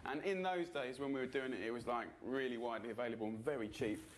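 A man's voice: mid-range voice, fast talker, slight background noise. Chatty man cooking. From England. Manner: chatty, loose, full of fillers. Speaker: cooking show host. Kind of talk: casual cooking demonstration.

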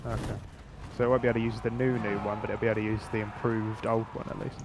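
A young man streaming a medieval battle game with friends, swearing and shouting at the action. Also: fairly low pitch, level tone, very fast. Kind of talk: casual gaming chat and live reactions. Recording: game noise clearly audible behind.

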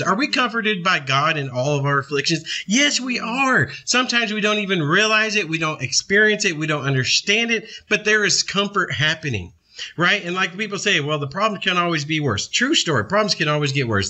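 A preacher in his thirties leads a casual Bible study, speaking conversationally and posing questions he then answers himself. His voice is a little high, bright, and forceful in tone.

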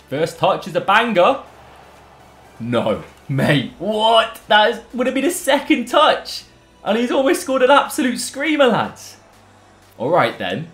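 An excitable young man bantering his way through live football game commentary. His voice sits in a roomy, echoing space with faint music playing underneath. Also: mid-range voice. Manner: excitable, banter-filled, addresses viewers as lads and boys. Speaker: gaming YouTuber.

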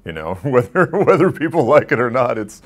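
A man's voice: mid-range voice, sing-song, moderate pace. A man working as a voice actor, answering interview questions in a rambling, casual way and laughing often. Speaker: voice actor guest.

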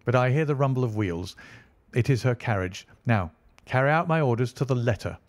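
A man voicing a sharp, confident male detective in an audiobook, speaking in a crisp, commanding way. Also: mid-range voice, animated, brisk, dry recording, lightly acted. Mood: assured. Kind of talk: audiobook reading.

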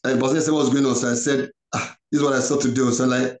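A man's voice: medium pitch, flat delivery, darkish tone. Earnest man in an echoey room. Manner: slow, repetitive, earnest, quoting others in short exchanges. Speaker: pastor giving a tribute. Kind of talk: heartfelt spoken tribute. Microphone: video call. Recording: echoey room over an online call.

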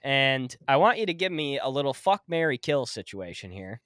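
A young man co-hosting a podcast in casual chat, relaxed and joking, swearing now and then. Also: mid-range voice, moderate pace, dry recording, studio quality. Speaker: podcast co-host.

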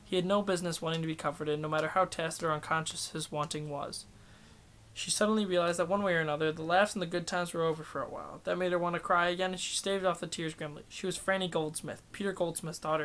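A man reading a novel aloud as an amateur audiobook narrator, steady and unhurried with occasional restarts. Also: fairly high pitch. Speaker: audiobook reader.

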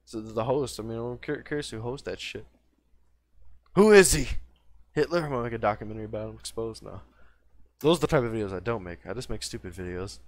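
A man's voice: on the low side, fast, no room sound. A young man in his twenties chatting casually on a livestream, rambling and profane, with lots of restarts. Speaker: streamer.

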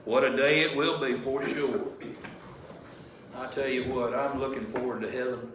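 A man's voice: medium pitch, steady tone, normal speed, background noise. A man preaching a sermon as pastor, folksy and rambling, with frequent restarts. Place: church sanctuary. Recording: roomy, distant, dull church recording.

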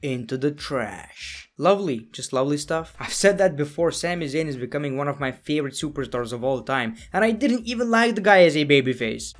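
Excitable man recapping wrestling, higher voice. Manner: excitable, jokey, sarcastic asides. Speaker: wrestling reviewer. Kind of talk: casual show recap. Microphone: voice-over, no camera.

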